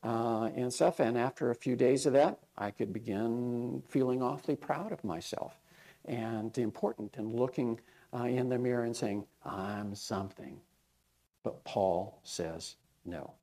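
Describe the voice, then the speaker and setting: A man's voice: mid-range voice, unhurried, warm tone. A male pastor preaching a sermon in a plain, conversational way, with frequent fillers and quoted lines acted out.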